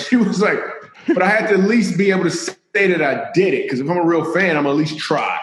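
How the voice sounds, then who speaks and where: A man's voice: high voice, fast, a little hiss or hum. A man telling comic stories in a casual chat as a guest, animating them with put-on voices. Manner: animated, acts out other voices. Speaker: comedian guest. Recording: echoey room.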